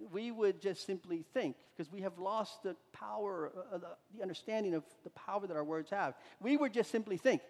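A man with a high, light voice preaches a sermon, telling the story like a chat and often restarting his sentences. His voice rings out with a long reverb trailing behind it, as if he were in a big hall. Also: fairly quick. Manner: conversational storytelling with frequent restarts.

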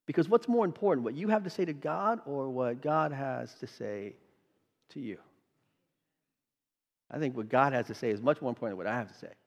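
A male pastor preaching a sermon, emphatic, quizzing the congregation with rhetorical questions. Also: medium pitch. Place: church sanctuary. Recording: long hall reverb.

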